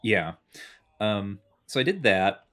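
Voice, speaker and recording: A man's voice: fairly low pitch, very animated, slow pace, fairly bright tone. A man in casual podcast chat, rambling through a game recap with lots of fillers. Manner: rambling, many fillers, chatty explaining. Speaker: podcast co-host.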